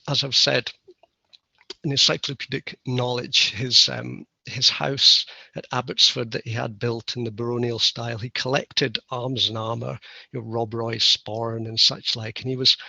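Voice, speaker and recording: A man delivers a conference keynote with a wry, self-deprecating manner. His voice is bright and edgy with a gravelly, husky grain. The recording is dry and somewhat muffled. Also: mid-range voice, normal speed, no echo. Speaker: keynote speaker. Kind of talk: conference lecture.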